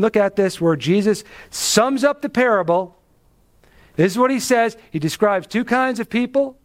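A man preaching an expository sermon, emphatic, asking rhetorical questions and dropping his voice for weight. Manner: emphatic, with rhetorical questions and dramatic drops in pitch.

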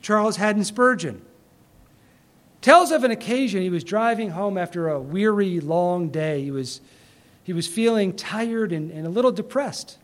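A man preaching a sermon, building to emphatic bursts and dropping to quiet pauses. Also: high voice, lively intonation. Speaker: pastor.

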